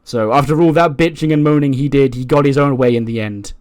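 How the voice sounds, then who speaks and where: A man's voice: medium pitch, brisk, darkish tone, no echo, clean studio sound. A man casually narrating a wrestling management game, chatty with lots of fillers. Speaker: let's play host.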